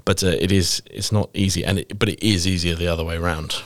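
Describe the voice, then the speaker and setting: A middle-aged British actor talks through an interview in a very low, deep voice, rambling and self-deprecating, with plenty of "you know, sort of" fillers. The sound is dry and close, with no room around it. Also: male voice, fairly even intonation, quick pace, no echo. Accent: British English. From England. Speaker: actor, podcast guest. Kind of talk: casual interview chat.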